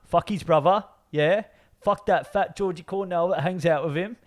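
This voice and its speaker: A man's voice: high-pitched, moderate pace, voice pushed up, lightly acted. A man voicing a menacing London gangster with a London accent, taunting and swaggering.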